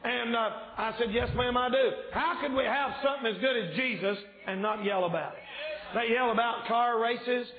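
High-voiced man preaching with shouts. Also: normal speed, roomy sound, low-quality recording. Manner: yells and shouts when preaching. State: slightly strained voice. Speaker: evangelist preacher. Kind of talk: fervent revival sermon. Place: church sanctuary.

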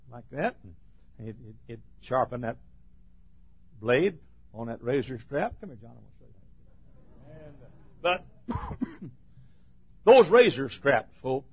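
A man preaching a sermon, telling a homespun story in a rambling folksy way and then rising to loud, shouted preaching. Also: medium pitch, vocal fry, slightly rough. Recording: dull lo-fi sermon recording.

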